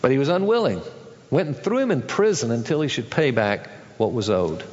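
A man's voice: very animated, a little fast, darkish tone, long reverb tail, muffled recording. A male pastor preaching a sermon, acting out the people in a parable with changes of voice. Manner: acts out characters in a story, shifting pitch for each.

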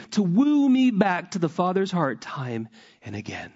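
A man preaching a sermon, emotional, moving between fervent emphasis and hushed whispers. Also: high voice, huge pitch swings, measured pace, husky. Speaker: pastor. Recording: muffled lo-fi sermon recording.

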